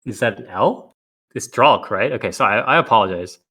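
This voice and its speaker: A man's voice: on the low side, lively intonation, fairly quick, sharp tone, breathy edge. A man hosting a casual podcast, reading out previews, laughing often and swearing casually. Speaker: podcast host.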